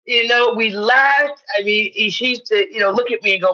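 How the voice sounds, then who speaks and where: Bright, husky woman telling lively stories. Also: a little high, normal speed, muffled recording. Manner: animated storyteller who acts out quoted voices. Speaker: podcast guest, actress. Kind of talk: personal storytelling in conversation.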